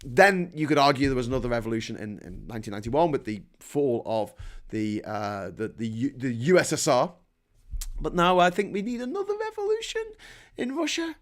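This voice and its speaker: A man with a British accent delivering a sweary, animated political rant as host, laughing between points. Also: medium pitch, fairly quick. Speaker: podcast host.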